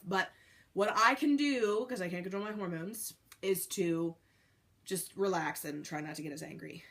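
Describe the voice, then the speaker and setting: Pregnant young woman vlogging; lowish, candid and rambling delivery. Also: fairly bright tone. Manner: candid, rambling, many fillers. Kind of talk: casual chat to camera.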